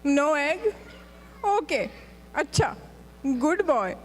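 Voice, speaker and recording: Nagging Indian mother, played by a male student, high and slow-paced. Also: sing-song, full character voice. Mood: fussing. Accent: Indian English. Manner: scolding, nagging, exclaiming. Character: fussy worried Indian mother on the phone. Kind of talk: student stage skit.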